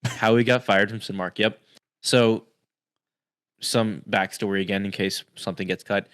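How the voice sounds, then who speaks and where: A man in his thirties with a low voice who co-hosts a casual podcast. He teases his friend and laughs easily, and he keeps the talk relaxed. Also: normal speed, clear, resonant tone. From Texas. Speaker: podcast co-host. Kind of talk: casual chat.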